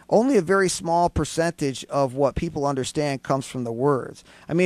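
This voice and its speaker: A man's voice: fairly high pitch, no room sound. A man hosting a radio talk show, patiently explaining communication and acting out different tones of voice.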